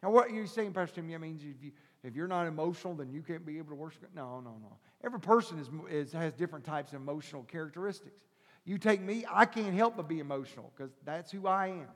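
A male pastor preaching a sermon, shifting from quiet teaching to loud shouted preaching and calling the listeners brother and sister. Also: on the high side, animated, fast talker. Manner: calls the congregation brother and sister. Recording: long hall reverb.

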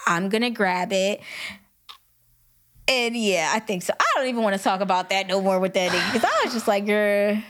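A young adult woman co-hosting a casual book chat, an animated storyteller who acts out quotes and laughs often. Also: mid-range voice, fast talker, few pauses. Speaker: book podcast co-host.

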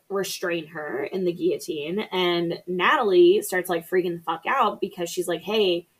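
A woman with a husky, somewhat low voice narrates a horror film plot in a dry, sarcastic way. She mimics the characters' lines as she goes and keeps her tone casual and unhurried. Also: a bit bright. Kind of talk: casual movie recap chat.

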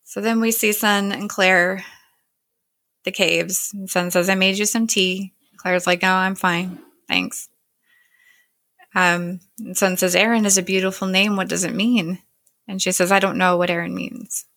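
A woman's voice: medium pitch, steady tone, unhurried, a bit bright. A woman casually retelling a TV episode scene by scene, quoting the characters with "he's like" and "she's like". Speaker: show recapper.

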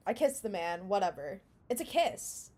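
Speaking at a normal pace in a mid-range voice, a young female podcast co-host shares a story. Her telling is lively and relaxed, and she laughs frequently.

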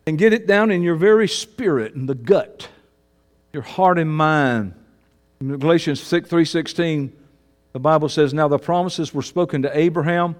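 A man preaches in a church sanctuary, his somewhat high voice carrying a long reverb off the walls. He swings from fervent, shouted declarations down to low, hushed emphasis. The delivery is a full sermon, not a chat. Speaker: pastor. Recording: long reverb of a large hall.

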